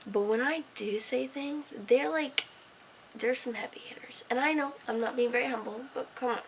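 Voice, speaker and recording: A woman's voice: sits high, normal speed, a little hiss or hum, rough recording. Rambling, sarcastic teenage girl. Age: teens. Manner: rambling, sarcastic, drifting between whispers and bursts of energy. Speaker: vlogger. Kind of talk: casual late-night talk to camera. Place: own room at night, lit by a desk lamp.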